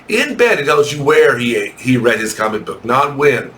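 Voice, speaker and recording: A man teaching an English lesson to young children, reading a textbook aloud slowly and correcting his own slips. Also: mid-range voice, animated, bright, forceful tone, slight background noise. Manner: slow, patient, reads text aloud and corrects himself.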